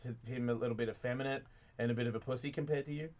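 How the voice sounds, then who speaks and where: A man of ordinary pitch hosting a radio talk show, asking crude, teasing questions that ramble and restart. His voice comes through slightly dull and muffled. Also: steady tone, rapid-fire, darkish tone. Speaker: host. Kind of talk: casual radio interview chat. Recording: slightly muffled broadcast audio.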